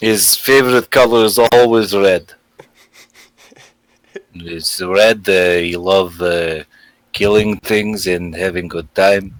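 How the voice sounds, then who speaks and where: A man's voice: deep voice, no echo, low-quality recording. Dimitri, a man putting on a hearty Russian mercenary. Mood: boastful. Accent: put-on Russian accent. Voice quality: broken English, slow and deliberate. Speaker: player.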